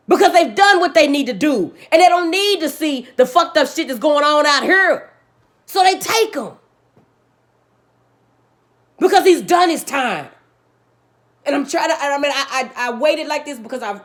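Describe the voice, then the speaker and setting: High-voiced woman ranting profanely. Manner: heavy swearing, emphatic repetition, preachy; alternates loud outbursts with low subdued stretches. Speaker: vlogger. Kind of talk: impassioned profane rant.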